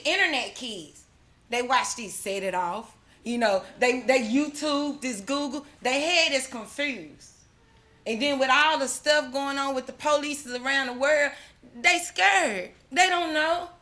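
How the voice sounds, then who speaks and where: This middle-aged woman's voice sits high with a sharp tone. Speaking as a mother at an awards ceremony, she delivers a fervent, emotional testimony full of religious phrasing, repeating herself and frequently starting over.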